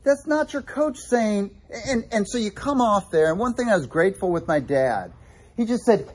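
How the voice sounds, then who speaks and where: A man preaching a sermon, telling animated personal stories with many restarts. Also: high voice, moderate pace, slightly rough. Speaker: pastor.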